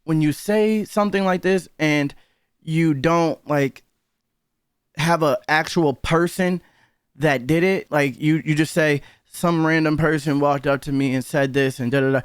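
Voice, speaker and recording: A man's voice: on the high side, a little slow, clear, resonant tone, no echo, studio quality. A man giving casual reaction commentary, heated and profane, openly disbelieving what he hears.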